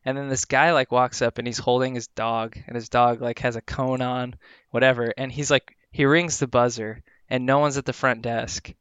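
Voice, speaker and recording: A man's voice: mid-range voice, level tone, moderate pace, fairly bright tone, clear, resonant tone, dry recording, muffled recording. A man in casual chat, telling a rambling story with lots of filler words.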